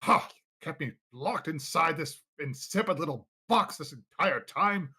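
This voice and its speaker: An imperious, scornful voice, put on by a man, barks orders at everyone it calls thralls. It speaks higher and louder than a plain speaking voice, with a bright, forceful edge. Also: expressive, unhurried, slightly rough, heavily acted. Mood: haughty. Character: haughty commanding thing trapped in a box.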